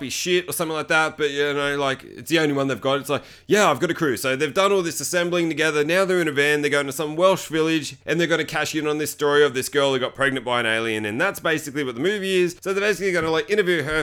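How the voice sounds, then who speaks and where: A man's voice: a little high, fairly bright tone, smooth. A man hosting a podcast, casually recapping a bad movie with lots of swearing and jokey asides. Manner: sweary, jokey, acts out characters in goofy voices. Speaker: podcast host. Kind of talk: casual movie-review monologue.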